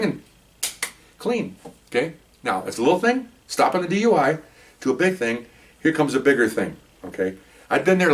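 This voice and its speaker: A man's voice: mid-range voice, recorded from a distance. An older man, a retired police officer, telling rambling street stories in a casual way and acting out the other people's lines. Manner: rambling, animated, acts out quoted voices. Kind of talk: casual storytelling.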